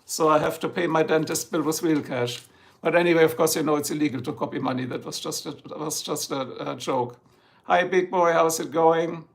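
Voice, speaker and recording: A man with a heavy German accent speaks in a rather high voice with a gravelly rasp, and German is his native language. He rambles along in casual, joking livestream chat from home. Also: fairly even intonation, fairly quick. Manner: chatty, rambling, jokey. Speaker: livestream host. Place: home, Ohio.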